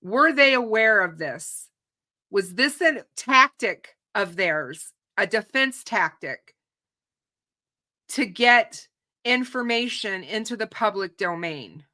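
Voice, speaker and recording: Slow, bright-voiced woman hosting true crime. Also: medium pitch, lively intonation. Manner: opinionated, frequent restarts and repeated words. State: voice starting to go, clearing her throat. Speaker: true crime channel host. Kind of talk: unscripted commentary to a live audience.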